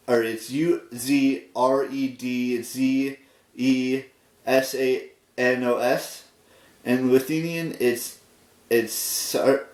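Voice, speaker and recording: A man in his thirties chatting casually in his daily vlog, halting and stopping to spell words out letter by letter. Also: medium pitch, fairly even intonation. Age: 30s. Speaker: daily vlogger. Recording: roomy echo, distant from the mic.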